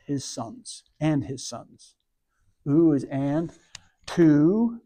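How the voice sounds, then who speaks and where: A man leads a service, reading scripture and patiently teaching Hebrew words sound by sound, letter by letter. His voice is on the high side and warm, with a steady tone and a slow delivery.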